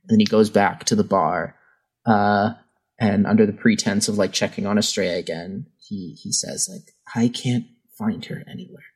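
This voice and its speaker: A man with a fairly low voice, speaking as a player in a tabletop game. He talks loosely, trailing off with fillers as he lays out what his character does. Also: normal speed, slightly rough, low-quality recording. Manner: relaxed, hesitant, many fillers while describing his character. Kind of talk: casual tabletop game play.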